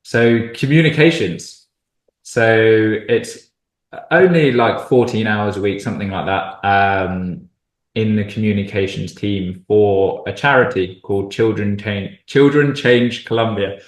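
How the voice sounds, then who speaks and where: A man's voice: on the low side, measured pace. A man in his twenties from Cornwall, chatting as a guest in an easygoing, friendly way with a little humor. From Cornwall, England. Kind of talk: casual conversation. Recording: echoey room.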